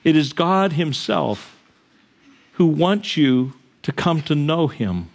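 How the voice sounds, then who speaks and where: A man's voice: animated, slow, gravelly. Earnest male pastor preaching a sermon. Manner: earnest, rises in pitch for emphasis, chuckles between points. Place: church sanctuary.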